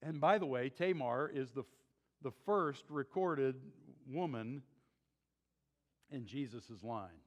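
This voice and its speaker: A man's voice: medium pitch, lively intonation, takes it slowly, long pauses, long reverb tail. A man teaching a church Bible survey class, retelling a story in a conversational, folksy way with chuckling asides.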